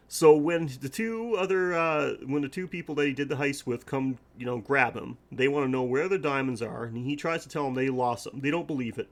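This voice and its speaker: A man co-hosting a podcast, recapping a movie casually with laughs and swearing. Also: mid-range voice. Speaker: podcast co-host.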